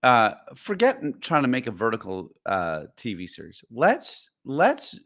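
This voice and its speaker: A man's voice: mid-range voice, wildly swooping pitch, measured pace, fairly bright tone. A man co-hosting a podcast in casual chat, rambling and opinionated, full of fillers. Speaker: podcast co-host.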